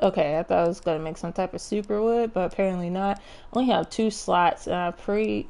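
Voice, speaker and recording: A young adult woman telling a story with animated, profane energy and lots of restarts while she plays a game. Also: medium pitch, vocal fry. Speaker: gaming streamer. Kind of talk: casual storytelling while playing.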